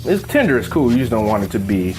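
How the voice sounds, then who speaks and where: A man's voice: on the low side, very animated, fast talker, music in the background. A man hosting a casual home cooking demo, swearing freely and rambling into a joke while he cooks at the stove. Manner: profane, laid-back, rambling storyteller. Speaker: cooking show host.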